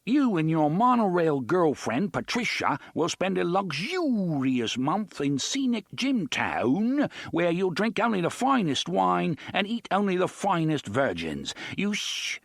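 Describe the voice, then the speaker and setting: A man's voice: high-pitched, big pitch swings, a little slow, gravelly, hardly any pauses, no room sound, studio quality, voice pushed up, full character voice. A man voicing a young man who bellows into an intercom as a pompous TV host, in a plummy, openly bogus British accent. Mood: manic mockery.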